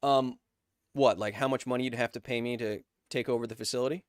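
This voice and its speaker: A man's voice: mid-range voice, steady tone, quick pace, no room sound, clean studio sound. A man hosting a live stream, reading chat messages aloud with jokes and tangents while explaining science casually.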